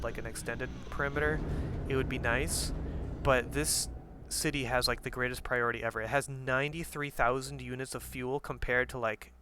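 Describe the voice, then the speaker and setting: A man's voice: mid-range voice, background noise. A young man giving casual, profane commentary while playing a strategy game, rambling with lots of fillers and jokes.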